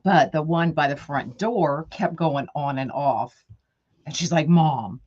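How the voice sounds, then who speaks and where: A woman's voice: sits low, a little slow, a little mellow, muffled recording. A middle-aged woman who hosts a craft livestream, chatting with viewers by name and thinking aloud as she works. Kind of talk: casual livestream chat while crafting.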